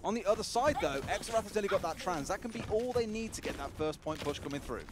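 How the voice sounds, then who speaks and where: A man giving live color commentary on a competitive video game match, with rapid, chatty analysis and a few jokes. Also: sits high, expressive, noisy background.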